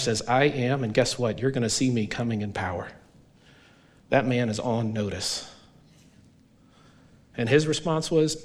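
Earnest pastor preaching, asking "right?". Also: male voice, mid-range voice. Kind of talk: sermon.

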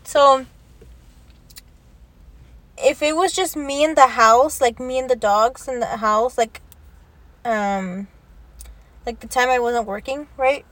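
A woman's voice: high voice, takes it slowly, pauses often, a bit bright, no room sound. A young woman in casual chat who swears freely, laughs often and drops Spanish words into her talk. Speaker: vlogger.

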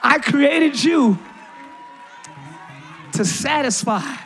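A male pastor preaching a lively, playful sermon in a large church, often shouting to the congregation. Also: extremely high pitch, very slow, creaky, a faint crowd.

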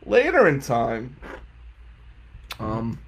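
A man's voice: mid-range voice, very slow, gravelly, slight background noise. A man in his forties, a lawyer, casually telling self-mocking stories and acting out the people in them. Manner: animated, self-mocking, acts out quotes. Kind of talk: casual comic storytelling.

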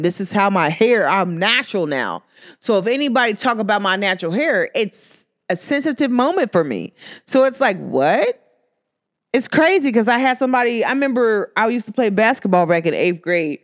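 A young adult woman hosting her own podcast, talking casually and sassily, laughing often and swinging between high and low tones. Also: animated, moderate pace. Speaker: podcast host. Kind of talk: casual solo podcast monologue.

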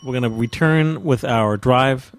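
A man's voice: medium pitch, unhurried, a little hiss or hum. A man hosting a casual podcast chat, rambling and restarting sentences with frequent laughs. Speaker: podcast host.

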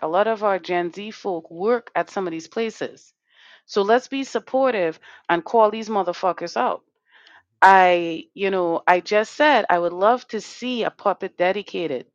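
A woman's voice: mid-range voice, dry recording, muffled recording. A woman hosting a live online talk show who speaks emphatically, swears freely and keeps asking "right?". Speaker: host.

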